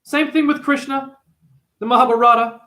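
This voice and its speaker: Addressing the camera, a spiritual teacher delivers an intense, profane, unscripted sermon full of rhetorical questions aimed at the viewer. His voice is extremely high, pushed and bright, with fairly even intonation at a normal pace.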